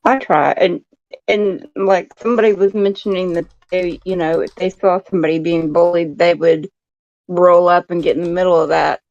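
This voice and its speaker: A woman's voice: on the low side, fairly even intonation, normal speed, darkish tone, no room sound, lo-fi sound. A woman calling into a live stream, chatting casually in a self-deprecating, joking way. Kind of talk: casual chat.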